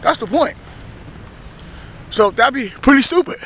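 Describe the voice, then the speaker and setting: A man with a notably high voice delivers a loose, rambling sermon, circling back to the same points and checking in with listeners again and again. His sentences restart and correct themselves. The recording is dull and lo-fi, with a faint hum of noise behind him. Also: lively intonation, unhurried. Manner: repetitive, emphatic, keeps asking "you understand?". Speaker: lay preacher. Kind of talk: informal spoken preaching.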